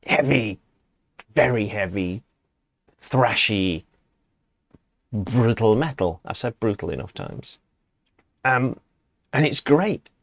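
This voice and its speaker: A man's voice: on the low side, sing-song, slow pace, pauses often, dry recording. A man casually reviewing a song he has just heard, enthusiastic and rambling, chuckling as he goes. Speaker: music reviewer. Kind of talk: casual reaction commentary.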